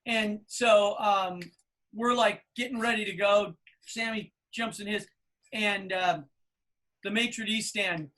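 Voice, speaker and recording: A middle-aged man telling a long anecdote on a podcast, acting out the people he quotes in loud, animated voices. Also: high-pitched, slow pace. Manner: animated storyteller, acts out quoted people loudly. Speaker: podcast co-host. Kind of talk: casual storytelling.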